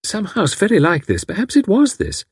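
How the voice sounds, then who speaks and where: A man's voice: sits high, wildly swooping pitch, moderate pace, breathy edge, no room sound, clean studio sound, voice pushed up, exaggerated voice. A man reading aloud, voicing a polite, curious lady who hesitates as she explains herself. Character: polite, curious middle-aged lady visitor.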